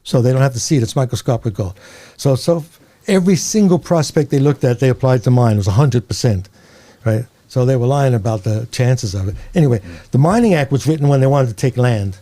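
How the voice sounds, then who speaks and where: An older man from New York with a New York accent, telling rambling, animated stories as an interview guest and laughing along. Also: mid-range voice, a little fast. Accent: American, New York. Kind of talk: casual storytelling.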